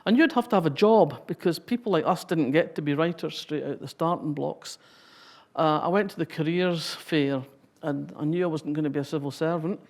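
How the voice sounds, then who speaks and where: A woman's voice: deep voice, moderate pace, darkish tone. A Scottish woman in her sixties giving a public talk, reading a passage and then telling wry, humorous anecdotes.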